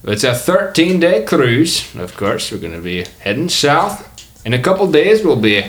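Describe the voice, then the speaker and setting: Man doing a loud jolly cruise captain. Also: fairly high pitch, very animated, normal speed, pitched above the performer's own voice. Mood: cheery. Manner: loud, upbeat, salesman-like. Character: boisterous male cruise captain with a mixed accent.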